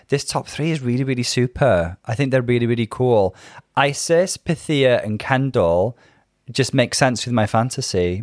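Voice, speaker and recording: A man's voice: mid-range voice, no echo. Effusive man, dry close sound. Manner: enthusiastic, effusive. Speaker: podcast co-host. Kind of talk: casual recap chat.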